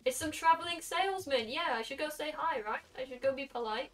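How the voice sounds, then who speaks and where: A young woman in her late teens with a Welsh accent, chatting casually with her stream chat while gaming and throwing in quick asides. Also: sits high, fairly bright tone. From Wales. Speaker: game streamer. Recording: somewhat distant mic with faint music.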